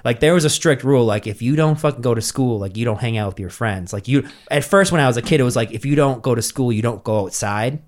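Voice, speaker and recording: A man's voice: quick pace, few pauses. A young man, telling stories in casual chat and acting out quotes in a jumpy, swearing way. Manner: animated, acts out quotes with jumps in pitch, heavy swearing.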